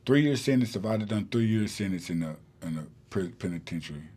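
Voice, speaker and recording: A man's voice: lowish voice, animated, fairly quick, mellow. A man, a podcast guest telling a long story in a rambling way with many fillers and restarts. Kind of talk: casual storytelling in an interview.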